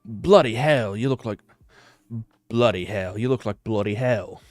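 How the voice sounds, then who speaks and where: A brash, rowdy Australian bloke, put on by a man in a broad, overdone accent. He booms his lines louder than ordinary talk. The sound is dry and close. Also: unhurried, dry recording, soft background music, lightly acted. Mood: boisterous.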